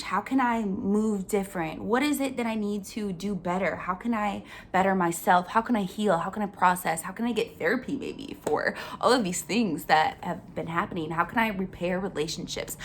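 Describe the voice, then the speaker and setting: A woman's voice: mid-range voice, slight background noise. Chatty young woman giving an earnest update. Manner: chatty, earnest, full of "like" fillers. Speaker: vlog host. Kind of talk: casual life-update chat.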